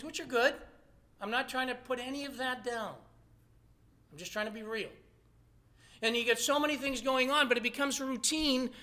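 A man's voice: extremely high pitch, sharp tone. A man preaching a sermon as pastor, earnest and conversational, probing his listeners with rhetorical questions.

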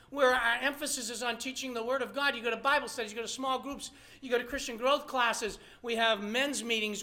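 A man's voice: extremely high pitch, pushed and bright. A man preaching a sermon as pastor, earnest and conversational, probing his listeners with rhetorical questions.

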